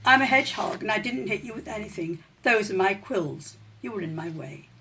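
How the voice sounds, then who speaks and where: A woman voicing a calm, matter-of-fact hedgehog in a storybook reading, brushing off a rat. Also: medium pitch, fairly quick. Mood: dismissive.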